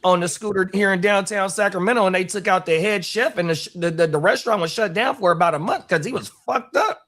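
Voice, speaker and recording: A man with a notably high voice co-hosting a rowdy, casual talk. He is boisterous and profane, and he punctuates his stories with loud exclamations. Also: fast. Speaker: co-host. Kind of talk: casual chat.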